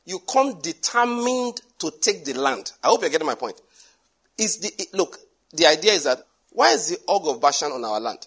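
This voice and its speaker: A male preacher delivers a lively sermon, acting out characters and switching voices as he tells the story. His voice sits a little high for a man and has a husky edge. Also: moderate pace. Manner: animated, acts out dialogue with shifting voices and laughs.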